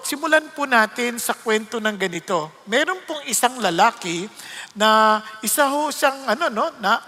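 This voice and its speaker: A woman's voice: fairly high pitch, bright, forceful tone, long reverb tail. A woman with a Filipino accent preaching a sermon, switching between English and Tagalog and asking rhetorical questions.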